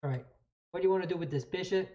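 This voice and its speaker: A woman's voice: on the low side, rapid-fire, lo-fi sound. A woman streaming a chess game, explaining each move as she plays, often restarting and thinking aloud. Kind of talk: live commentary while playing.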